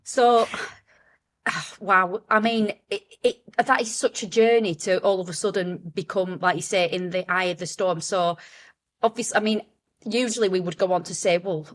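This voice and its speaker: A woman hosting a business podcast, reading a welcome and then interviewing a guest with warm reactions. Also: mid-range voice, steady tone, moderate pace. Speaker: podcast host. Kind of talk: scripted intro and interviewing.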